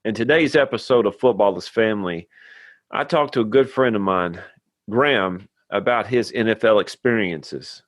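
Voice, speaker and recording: A podcast host who speaks in a low register with plain earnestness. The sound is dry and close, with no room in it. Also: male voice, normal speed, dry recording. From Tennessee, USA. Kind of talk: scripted intro then casual chat.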